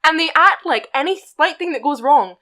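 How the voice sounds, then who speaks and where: A woman's voice: sits high, expressive, normal speed, bright, forceful tone. A young woman, ranting sarcastically in a casual podcast chat. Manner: ranting, sarcastic, mimics customers. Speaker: podcast co-host.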